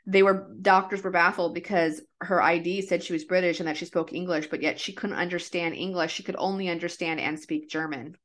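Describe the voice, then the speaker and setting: A woman's voice: on the low side, fairly even intonation, fairly quick, few pauses, fairly bright tone. A woman hosting a podcast, chatting casually and telling cases in a loose, rambling way. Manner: chatty, lots of "like" and restarts. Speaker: podcast host. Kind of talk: casual chat.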